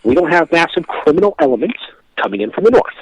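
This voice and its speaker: A man co-hosting a casual political podcast, blunt and profane, swinging from loud outbursts to low asides. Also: sing-song, fast talker, no room sound, highs cut off. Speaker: podcast co-host.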